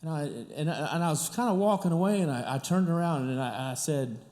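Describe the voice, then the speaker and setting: Man, middle-aged, pastor, sermon story, animated, somewhat high voice, repeats himself. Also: fairly quick. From Kansas City area, US. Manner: animated, chatty, many restarts and repeats.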